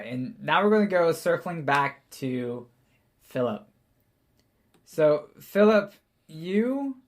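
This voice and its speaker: Laid-back male game master. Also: mid-range voice. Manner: casual, rambling, laughs often. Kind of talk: narrating a tabletop game.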